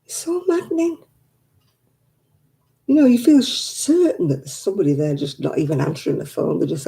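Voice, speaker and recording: A woman's voice: low voice, sing-song, moderate pace, gravelly, dark tone, poor audio. An older woman, chatting casually with live viewers and grumbling in an exasperated way. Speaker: live streamer.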